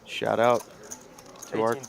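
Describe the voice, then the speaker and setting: A middle-aged man doing relaxed, chatty live commentary on a poker cash game. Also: fairly low pitch, takes it slowly, creaky. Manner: chatty, easygoing, folksy asides. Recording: card room crowd chatter behind. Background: crowd chatter.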